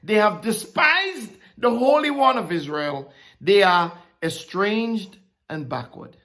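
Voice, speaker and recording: A preacher giving a casual, animated sermon, laughing often and slipping in slangy asides. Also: mid-range voice, slow pace.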